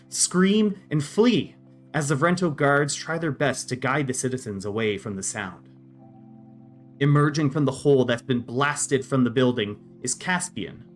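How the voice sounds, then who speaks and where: A man serving as game master, narrating scenes in a steady, descriptive way. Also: mid-range voice.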